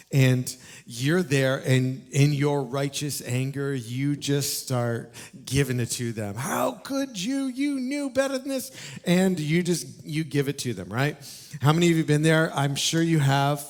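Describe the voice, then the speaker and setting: A man preaching a sermon in a church, telling the story with animated energy and asking the congregation questions. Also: medium pitch. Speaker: pastor. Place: church auditorium.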